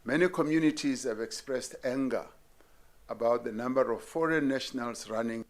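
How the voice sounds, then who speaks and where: A South African man, a head of state, delivering a formal public address in a measured, deliberate way. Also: mid-range voice.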